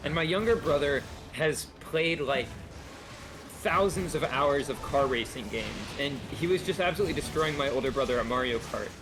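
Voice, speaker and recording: Animated storyteller man with a higher voice. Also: normal speed, noisy background. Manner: animated storyteller who mimics people. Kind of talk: casual storytelling chat.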